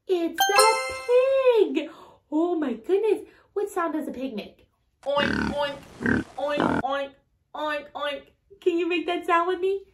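In a learning video, a woman with a very high-pitched voice hosts and teaches toddlers, speaking in a sing-song way with gasps of wonder and generous praise. The sound is roomy.

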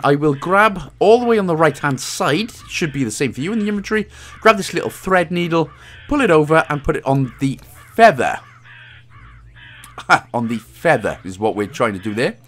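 Chatty Welsh man with a lively voice. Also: on the high side. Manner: chatty and jokey, chuckles at his own asides. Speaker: game walkthrough host. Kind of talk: casual game walkthrough commentary.

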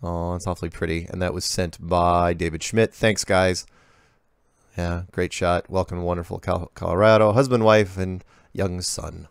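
Low gravelly man reading emails aloud. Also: flat delivery, normal speed, no room sound, clean studio sound. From US Pacific Northwest. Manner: offhand, drifting into asides and self-corrections. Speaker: host reading viewer emails. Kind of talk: casual solo email Q&A.

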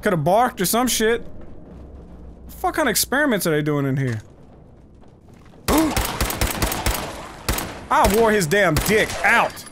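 A man giving profane, excitable let's play commentary, yelling at enemies as he plays. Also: high-pitched, moderate pace, background noise. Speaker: gaming video host.

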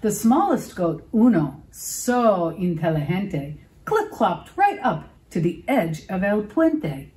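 Slow, expressive woman reading aloud. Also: medium pitch, slight background noise, rough recording. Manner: expressive, asks children questions. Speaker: librarian. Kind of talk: picture-book read-aloud for children.

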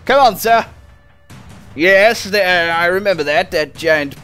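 A man giving casual, excitable and self-mocking commentary while playing a video game, chatting to his viewers. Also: high voice, measured pace, smooth, faint music behind. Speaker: gaming video host.

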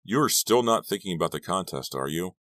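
A frightened teenage girl who keeps insisting on what she knows, as a man reads her. Her protests come out earnest and worn thin, in a very low voice. Dry and close. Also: lively intonation, fairly quick, fairly bright tone, no room sound. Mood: incredulous. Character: teenage girl, worried, stubborn.

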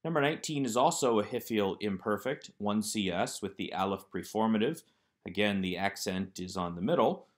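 A man with a somewhat low voice goes through workbook answers like a teacher recording a lesson. He explains each item step by step, calm and methodical, as a voice-over on slides. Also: normal speed. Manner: methodical, explanatory walkthrough of exercises. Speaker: Hebrew teacher.

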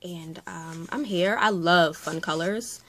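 A woman's voice: lowish voice, slow pace, a bit bright, a little hiss or hum. Gushing woman vlogger with whispered gasps. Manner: gushing, breaks into breathy whispered exclamations. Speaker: vlogger and makeup artist. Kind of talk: casual unboxing vlog.

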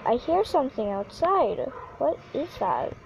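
A woman giving casual, excitable commentary on her own gameplay, yelping whenever she falls. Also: sits high, measured pace, vocal fry, dull audio, a little hiss or hum. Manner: chatty and excitable, yelps when falling. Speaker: gaming YouTuber.

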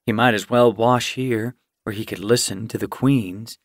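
Male narrator for an audiobook, measured and unhurried, dry booth sound. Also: lowish voice, fairly even intonation, no room sound. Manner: measured storytelling. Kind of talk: scripted narration.

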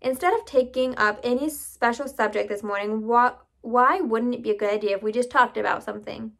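Woman putting on a brisk little mouse teacher. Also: on the high side, vocal fry, fairly bright tone. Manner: brisk, impatient. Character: small male mouse acting as a brisk schoolteacher.

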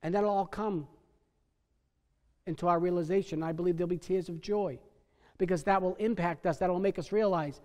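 A middle-aged man preaches from the pulpit, his voice pitched high for a man and ringing through a church with a long reverberant tail. He leans hard on key words, then drops to near-quiet before building again. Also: fairly even intonation, normal speed, long pauses. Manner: emphatic preacher, swings from soft to loud. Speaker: pastor. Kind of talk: sermon. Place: church sanctuary.

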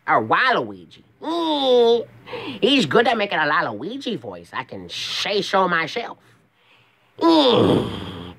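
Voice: medium pitch, gravelly, a bit bright, full character voice. A young man voicing a smug, lanky cartoon villain who hums to himself.

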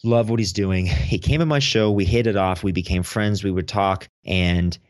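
Energetic young man, deep voice. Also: moderate pace, no room sound, clean studio sound. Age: young adult. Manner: energetic, animated storyteller. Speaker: podcast guest, teen podcast host. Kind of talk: casual interview storytelling.

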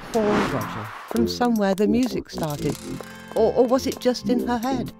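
A woman, a children's author, narrating a bedtime story in a playful, animated manner. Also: mid-range voice, moderate pace. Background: soft music.

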